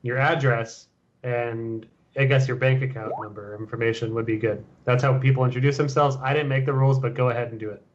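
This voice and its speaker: Male podcast host, casual and jokey, mid pitch, slightly muffled lo-fi audio. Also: steady tone, fairly quick. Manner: joking, mock game-show announcing. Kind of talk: casual livestream podcast chat.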